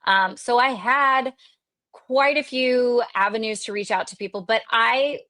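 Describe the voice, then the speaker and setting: A woman from Texas, a podcast guest, telling a story in casual interview chat, animated and extroverted, acting out the voices of the people she quotes, with lots of fillers. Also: a little high, a little slow, no echo. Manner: animated, lively retelling with quoted dialogue and frequent fillers; extroverted and talkative.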